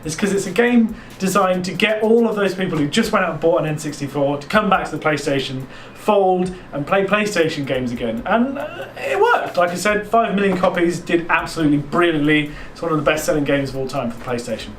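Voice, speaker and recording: A man's voice: on the high side, quick pace, few pauses, echoey room, slight background noise. A man hosting a game channel, telling a game's backstory in a chatty, jokey voice-over. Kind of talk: retrospective voice-over narration.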